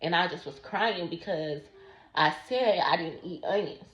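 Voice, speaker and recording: A woman telling a personal story slowly and deliberately to her vlog audience. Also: fairly low pitch. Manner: slow, deliberate recounting. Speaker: vlogger. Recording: roomy, dull lo-fi sound.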